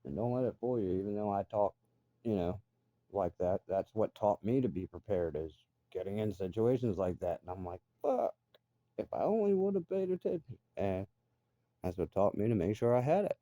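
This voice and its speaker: A man's voice: sits low, normal speed, warm tone, dry recording. A middle-aged man ranting bluntly and profanely in a casual monologue. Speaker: vlogger.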